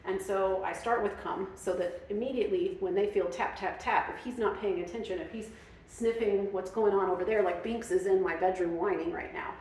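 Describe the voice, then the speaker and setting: A woman's voice: medium pitch, steady tone, brisk, a little mellow, distant mic, a little hiss or hum. A woman dog trainer explaining her methods in a casual, chatty way, with many fillers. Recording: very echoey room, off-mic.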